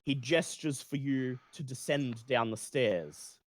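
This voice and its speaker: Male game master, slow, deliberate scene narration. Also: mid-range voice, no echo.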